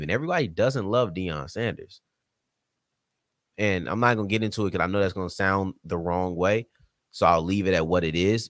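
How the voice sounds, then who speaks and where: A man's voice: on the low side, dry recording, clean studio sound. A man hosting a solo sports podcast, talking casually and straight to his listeners, with a slight country twang at times. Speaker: podcast host.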